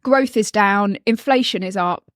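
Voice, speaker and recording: A woman co-hosts a business podcast, walking through figures in a measured, explanatory way with a touch of dry humour. Her voice is mid-pitched and recorded close and dry. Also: dry recording. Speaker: finance director and co-host. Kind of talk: casual business podcast chat.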